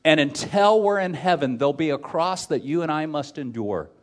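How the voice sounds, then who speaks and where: A middle-aged man, a pastor, preaching a sermon with personal stories and dry self-deprecating humor, dropping from loud points to hushed tender moments. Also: on the high side, lively intonation, moderate pace.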